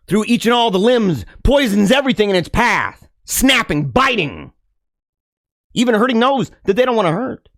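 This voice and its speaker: A man delivering an impassioned monologue to his listeners, preachy and dramatic, laughing often and swinging from loud to hushed. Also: high voice, dry recording, studio quality. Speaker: podcast host.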